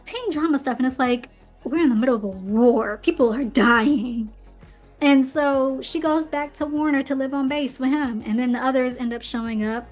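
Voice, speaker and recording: A woman's voice: high-pitched, moderate pace. A woman hosting her own podcast, casually recapping a book series in a chatty, opinionated way with playful asides. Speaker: podcast host reviewing books. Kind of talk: casual commentary. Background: faint background music.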